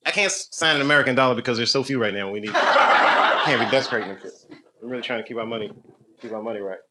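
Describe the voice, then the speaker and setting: A man's voice: medium pitch, fast talker, very noisy. Joking man chatting with fans. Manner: laughing, loose and joking. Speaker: stand-up comedian. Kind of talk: casual banter with audience.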